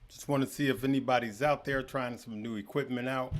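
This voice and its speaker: A man's voice: medium pitch, fairly even intonation, a little fast. A man hosting a casual live stream, greeting viewers by name and chatting loosely with frequent fillers. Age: adult with children. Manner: greets viewers by name, stumbles over names. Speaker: livestream host. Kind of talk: casual livestream chat.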